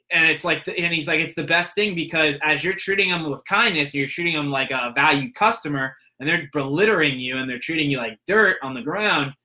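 A man's voice: on the high side, bright, forceful tone. A young man telling a story in a casual monologue, rambling with fillers and restarts and acting out the people he quotes.

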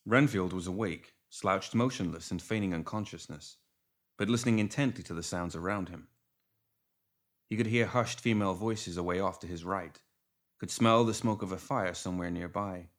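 Low-voiced male audiobook narrator. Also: moderate pace. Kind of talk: scripted narration.

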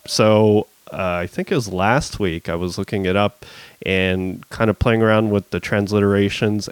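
A man's voice: lowish voice, dry recording. A man co-hosting a podcast, chatting casually about a TV episode, laughing often and quoting others. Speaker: podcast co-host. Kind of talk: casual chat recapping a TV episode.

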